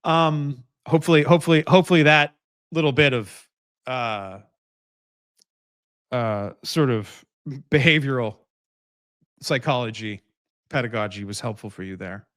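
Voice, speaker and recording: A man's voice: mid-range voice, unhurried, pauses often, fairly bright tone, smooth, dry recording, studio quality. A man hosting a live political commentary stream, talking in a rambling way with many restarts and emphatic repeated phrases. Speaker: host.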